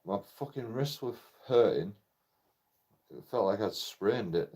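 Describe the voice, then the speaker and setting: A man's voice: fairly low pitch, expressive, measured pace, warm tone. A young man tells a personal story in a casual, rambling way. He swears constantly and breaks off with short laughs between phrases. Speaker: channel host telling a personal story.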